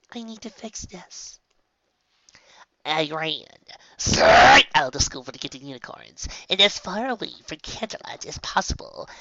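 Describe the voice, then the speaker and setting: A woman's voice: deep voice, gravelly, no echo, pitched above the performer's own voice, heavily acted. A woman voicing a once-boastful young female unicorn who sometimes calls herself by name, recorded on a dull lo-fi home setup. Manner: speaks of herself in third person at times, soft storytelling.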